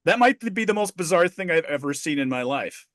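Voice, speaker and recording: A middle-aged man co-hosting a podcast, telling a story in a profane, animated way. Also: fairly high pitch, fairly quick, no echo, studio quality. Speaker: podcast co-host. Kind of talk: casual podcast chat.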